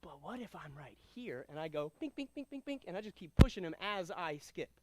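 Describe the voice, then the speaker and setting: High-voiced energetic karate instructor man. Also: brisk. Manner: energetic, commanding, calls out drills and counts. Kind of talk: martial arts class instruction.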